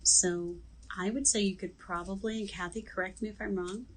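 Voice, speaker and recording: A woman's voice: medium pitch, steady tone, moderate pace, breathy edge, rough recording. A middle-aged woman hosting a live online jewelry sales show, chatty and joking as she describes each piece in detail.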